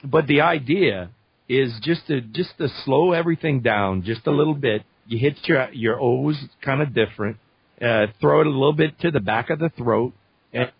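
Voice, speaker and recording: A man's voice: mid-range voice, moderate pace, gravelly, breathy edge, no room sound, dull audio. A man from Louisiana, a voice actor chatting casually on a podcast and telling stories animatedly. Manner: animated storyteller, slips into voices. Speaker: voice actor guest.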